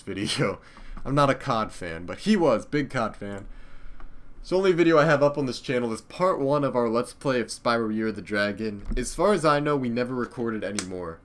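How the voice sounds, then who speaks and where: A man's voice: medium pitch, a bit bright. A young man, a YouTuber, rambling casually and profanely about old channels, laughing often. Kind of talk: casual nostalgic commentary.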